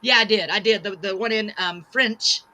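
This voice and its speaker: A woman's voice: mid-range voice, moderate pace, sharp tone. A woman hosting a live-streamed talk show, reading out viewer comments in a gushing, bubbly, self-deprecating way.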